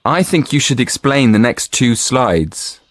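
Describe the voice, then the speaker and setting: A man voicing a colleague planning a presentation in a textbook audio dialogue, slow with lively intonation. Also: mid-range voice, dry recording. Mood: friendly.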